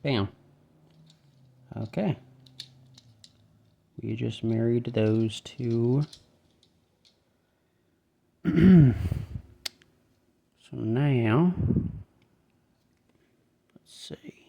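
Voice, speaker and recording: Slow, gravelly Southern man. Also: mid-range voice, slight background noise. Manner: relaxed, talks himself through each step. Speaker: toy model builder. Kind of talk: casual step-by-step building commentary.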